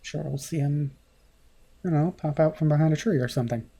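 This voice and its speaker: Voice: medium pitch, fairly even intonation, brisk, mellow, slightly rough, dull audio. A gaming streamer making casual, self-deprecating asides with some swearing during a let's-play.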